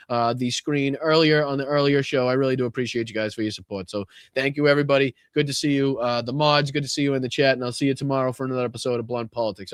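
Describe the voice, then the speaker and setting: A man's voice: mid-range voice, fairly bright tone, dry recording. A man with a Boston accent talks straight to his livestream audience, casual and profane, reading off viewer names one after another. His voice sits in an ordinary middle range. The sound is dry and close. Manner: profane, chatty, thanks viewers by name. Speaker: political livestream host.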